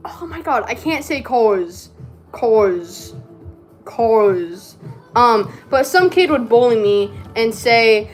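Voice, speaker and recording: A woman with a slightly high voice chats slowly and loosely while crafting. She has a speech impediment that makes her R's hard to say. Faint music plays behind her rambling, self-interrupting talk. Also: animated. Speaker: vlogger. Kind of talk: casual chat while crafting.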